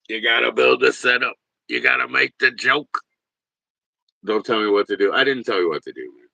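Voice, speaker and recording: A man in his forties hosting a livestream, rambling and swearing, jumping from loud bursts to mutters. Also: mid-range voice, normal speed, vocal fry, breathy edge, no echo, rough recording. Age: 40s. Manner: rambling, profane, swings between loud and muttered. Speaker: livestream host. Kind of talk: casual livestream rant.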